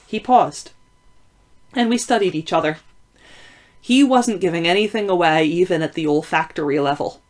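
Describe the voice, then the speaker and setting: A woman narrating a novel aloud in a steady, clear storytelling manner. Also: fairly low pitch, moderate pace, long pauses. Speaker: reader. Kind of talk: audiobook narration.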